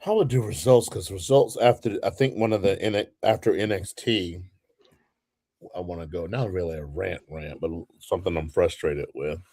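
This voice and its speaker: A man co-hosting a casual podcast tells a story as a lively storyteller, swearing freely throughout. His voice is low-pitched and his pace moderate.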